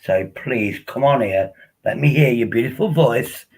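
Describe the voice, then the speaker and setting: A man's voice: medium pitch, expressive, unhurried, a little mellow, breathy edge, low-quality recording. A tipsy man rambling casually as he hosts a live stream, coaxing viewers to join him on air. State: tipsy from drinking. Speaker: livestream host.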